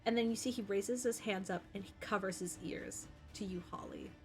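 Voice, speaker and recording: A woman's voice: mid-range voice, normal speed, soft background music. A young woman narrating as game master of a tabletop game, chatty and full of fillers. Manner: chatty, lots of um and like.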